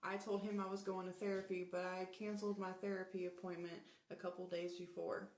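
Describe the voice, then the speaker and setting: A woman telling her own story in a plain, steady first-person way, quoting what others said. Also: lowish voice, brisk, echoey room, rough recording. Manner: plain, steady recounting with quoted dialogue.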